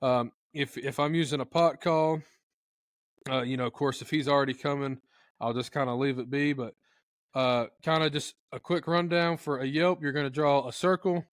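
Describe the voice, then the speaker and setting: A turkey-calling expert, appearing as a guest, gives a casual, energetic how-to talk and acts out turkey sounds in funny voices. His mid-range voice moves at a moderate pace, and the recording is dry with clean studio sound.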